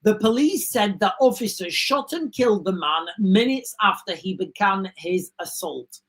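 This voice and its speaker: A woman's voice: medium pitch, lively intonation, a little slow. A woman hosting a live stream, reading breaking news aloud and stopping to give her own opinions to viewers. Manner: reads breaking news aloud with chatty asides; talks straight to viewers, often says "guys". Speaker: livestream host. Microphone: streaming setup mic.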